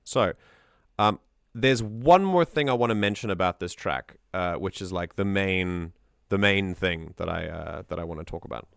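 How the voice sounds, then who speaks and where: A man's voice: sits low, moderate pace, gravelly, fairly bright tone, clear, resonant tone, no room sound, clean studio sound. A man hosting a casual music analysis, explaining things in a chatty way with lots of fillers and restarts. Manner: hums and sings examples to show rhythm.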